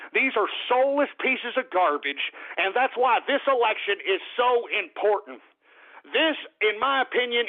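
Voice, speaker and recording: A talk radio host in full angry rant, swearing and shouting at his listeners. His voice sits strikingly high and has a gravelly, crackling edge. The sound is thin and boxy, like it came down a phone line. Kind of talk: ranting political talk radio.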